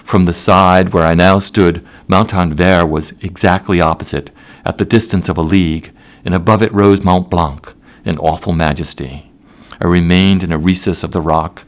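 A man narrating a classic novel as an audiobook, in a measured, formal, unhurried manner. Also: sits low, lo-fi sound.

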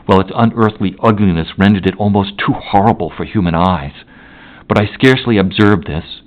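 A man narrating a classic novel as an audiobook, in a measured, formal, unhurried manner. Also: low voice, highs cut off.

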